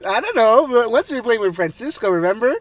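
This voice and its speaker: A man co-hosting a casual podcast, telling anecdotes excitably and laughing along. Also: extremely high pitch, fast talker. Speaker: podcast co-host. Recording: people chatting nearby.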